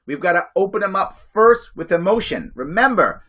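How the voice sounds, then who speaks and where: A man with a high, bright, ringing voice giving an impassioned pep talk. He is emphatic and repetitive and hammers his points home as he pleads with his listeners. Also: very animated, moderate pace, breathy edge. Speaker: livestream host.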